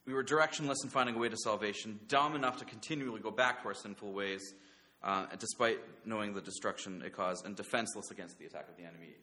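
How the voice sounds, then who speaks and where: A man preaching a sermon, earnest and halting, often restarting his words and dropping softer when he voices God's promises. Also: fairly low pitch. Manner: earnest, halting, many restarts, soft paraphrased quotes of God.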